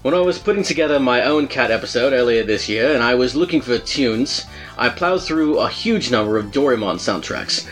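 A man putting on a mock Australian letter-reader, hammy and self-conscious, accent wandering toward English, mid-pitched voice, faint music in the background. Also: expressive, brisk, fairly bright tone, natural voice. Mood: playful.

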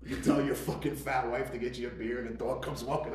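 A man's voice: medium pitch, steady tone, fast, a little mellow. A man co-hosting a casual chat, telling profane stories and acting out rants. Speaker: podcast co-host. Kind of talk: casual bar-story chat. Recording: roomy, with faint ambience.

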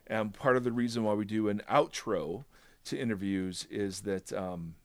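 A man hosting a podcast, chatting casually and joking, with frequent quick restarts. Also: on the low side, dry recording. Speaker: podcast host.

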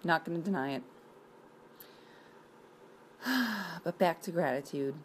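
A woman's voice: on the low side, animated, slow, a little hiss or hum, low-quality recording. A woman in her thirties from the area, chatting casually and bluntly, rambling and swearing now and then. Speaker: vlogger presenting a coloring page. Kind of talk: casual chat.

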